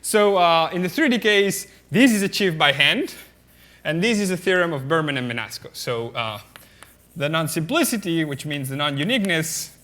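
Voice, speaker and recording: A man's voice: fairly high pitch, expressive, moderate pace, sharp tone. A man giving a mathematics lecture at a conference, explaining step by step with many fillers and often checking the audience with "okay?".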